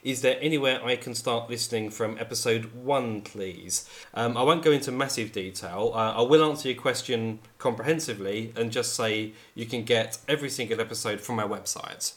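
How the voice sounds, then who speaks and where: A man's voice: mid-range voice, a little fast, few pauses. Chatty male podcast co-host. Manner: chatty, laughs easily. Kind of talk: casual podcast chat.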